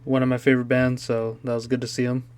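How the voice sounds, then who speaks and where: A man co-hosting a podcast in relaxed casual chat, chuckling along with the others. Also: mid-range voice, smooth. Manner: slow, easygoing, chuckles along. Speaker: podcast co-host.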